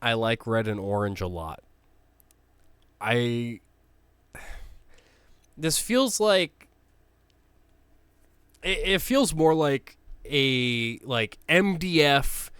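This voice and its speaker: A man talking in a casual, blunt, ranting way, cursing and restarting his sentences often. His voice is smooth and clear, recorded dry and close, with no room sound. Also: mid-range voice, fairly bright tone, no room sound. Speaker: sports logo ranker. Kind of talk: casual opinionated commentary.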